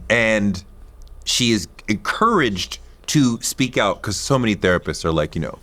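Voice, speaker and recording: A man commenting in an interview, telling the story in a measured way that turns animated. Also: lowish voice. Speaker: commentator in a played interview clip.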